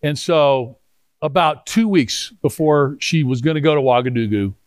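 A middle-aged man preaching a storytelling sermon, animated and rambling with frequent restarts, moving into prayer. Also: a little high, normal speed, no echo, clean studio sound. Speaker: pastor.

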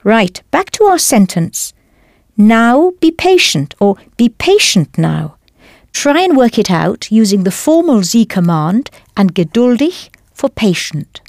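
Woman doing a language course, animated pitch, dry studio sound, upbeat teacher vibe. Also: slow pace, dry recording. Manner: clear, encouraging instruction. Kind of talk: scripted audio lesson.

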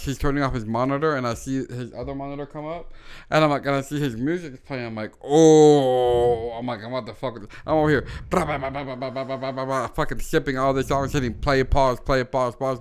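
Young man with a smooth voice, laughing while he talks. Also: medium pitch, steady tone, fast talker. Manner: laughing, rambling, profane. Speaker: podcast co-host. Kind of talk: casual chat.

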